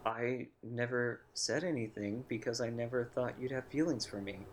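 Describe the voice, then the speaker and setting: A woman voicing a gentle, earnest young man in a lowered, soft voice. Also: normal speed, a little hiss or hum. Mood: sincere.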